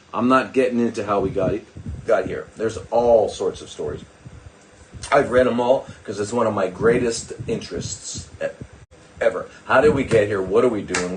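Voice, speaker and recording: A man's voice: medium pitch, noisy background. An older man, a doctor hosting a live stream, talking in a digressive, sarcastic way with mocking asides to his viewers. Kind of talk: rambling live-stream talk.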